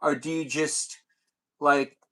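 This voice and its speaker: A man's voice: fairly high pitch, fairly even intonation, takes it slowly, sharp tone, rough recording. A man hosting a casual livestream chat, rambling and thinking aloud with fillers and restarts. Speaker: livestream host.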